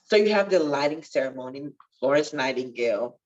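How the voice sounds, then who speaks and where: A woman's voice: rumbling low, expressive, a little fast, a little mellow, muffled recording. A woman guest telling her life story in an earnest, testifying way that swells with feeling. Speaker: podcast guest, nurse. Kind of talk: emotional storytelling interview.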